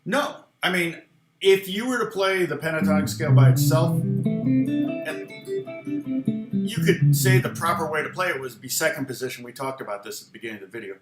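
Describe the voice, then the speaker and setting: A little high and animated, this American man's voice moves at a moderate pace as he teaches guitar casually in his home studio. He rambles and replies to viewer comments as he goes, in an echoey room with guitar playing audible.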